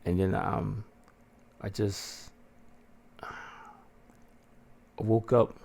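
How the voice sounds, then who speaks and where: A man hosting a podcast, telling a story casually with plenty of swearing and animated delivery, jumping into a raised voice to act out what people said. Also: on the low side, extremely slow, gravelly. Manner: profane, animated, acts out quotes in a raised voice. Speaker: podcast host.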